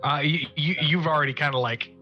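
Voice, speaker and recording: A man playing a tabletop game, speaking in character with rambling, deadpan talk. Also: on the high side, a little fast, lo-fi sound, soft background music. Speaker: player. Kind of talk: in-character tabletop role-play.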